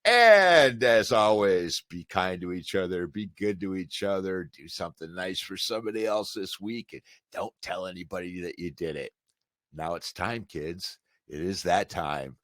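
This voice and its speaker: A man co-hosting a podcast with a dry, teasing wit. His voice is very low, but the pitch swings widely as he talks. The sound is dry and close, with no room echo. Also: expressive, normal speed, a bit bright. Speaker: podcast co-host. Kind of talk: casual podcast chat.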